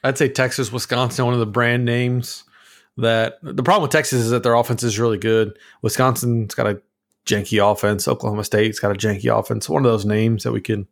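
A man's voice: medium pitch, level tone, brisk, vocal fry. A man co-hosting a sports podcast, reading listener questions and chiming in with short agreeing replies. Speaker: podcast co-host. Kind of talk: casual sports chat.

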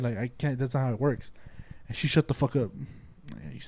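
A man's voice: fairly high pitch, expressive, fast, vocal fry, darkish tone. A man telling a story in casual, profane chat, acting out the people he quotes.

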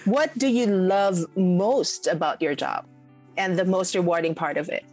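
A woman's voice: lowish voice, measured pace, a little mellow, soft background music, poor audio. Woman interviewer asking questions.

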